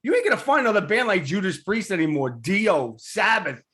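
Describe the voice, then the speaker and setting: Casting: New male host, excitable and blunt, slightly high voice. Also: brisk. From Queens, New York. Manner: excitable, blunt fan talk. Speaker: interview host. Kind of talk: casual interview chat.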